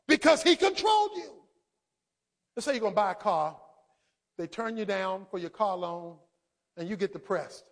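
Male preacher with a very high voice. Dramatic sermon delivery, quiet lows and shouted peaks. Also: animated, normal speed, pauses often. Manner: swings between quiet low asides and shouted emphasis; dramatic, acts out quoted speech.

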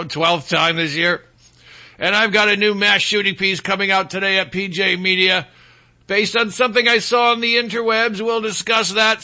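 Man, talk radio host, sarcastic monologue, pitched high, bright and piercing tone. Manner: sarcastic, mocks people in put-on quoted voices.

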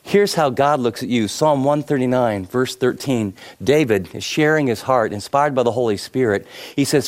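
A man pastor preaching a sermon, telling stories in an animated way with frequent fillers. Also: medium pitch, moderate pace, few pauses.

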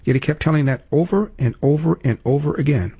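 Male talk host, gravelly, husky, indignant, sarcastic commentary, emphatic repetition. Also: a little high, fairly quick, warm tone, no echo. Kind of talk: political commentary and ad read.

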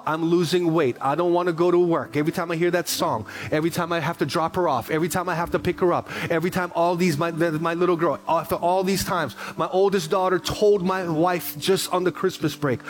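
A middle-aged man, a pastor, preaching a sermon in an animated storytelling way, moving from quiet asides to raised, emphatic repetition. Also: on the high side, brisk, few pauses.

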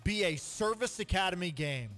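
Sports radio co-host: high, bright, animated, playful banter. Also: male voice, normal speed, faint music behind. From central Illinois. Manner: animated, jokey, sudden excited outbursts.

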